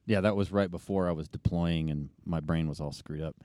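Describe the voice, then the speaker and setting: A man's voice: low-pitched, steady tone, a little fast, warm tone, no room sound, clean studio sound. A middle-aged man telling long anecdotes in a casual interview, rambling with many fillers and restarts. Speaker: guest ultrarunner.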